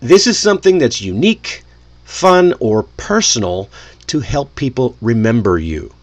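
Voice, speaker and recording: A male English teacher speaks in an unhurried, deliberate way and keeps his pitch at a middling level. He coaches his listeners in a friendly tone, with lively upward jumps in his voice. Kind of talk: relaxed spoken English lesson.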